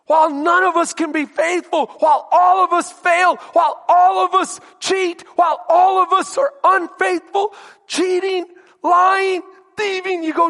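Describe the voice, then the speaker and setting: A man with a very high, bright, forceful voice preaches to his congregation. He pushes hard on key words and keeps firing questions at the room. His voice rings out with a long reverb through the church hall. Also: level tone, measured pace. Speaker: pastor. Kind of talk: sermon.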